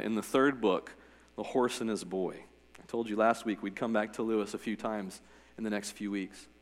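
A man's voice: medium pitch, big-room sound. A man preaching as a pastor, earnest, telling a story and then giving an invitation. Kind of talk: sermon.

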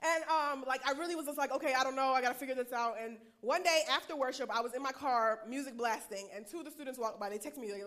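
Woman chaplain giving her testimony, high voice, talks super fast and lively. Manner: fast-talking, animated, laughs often. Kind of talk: preaching a personal testimony.

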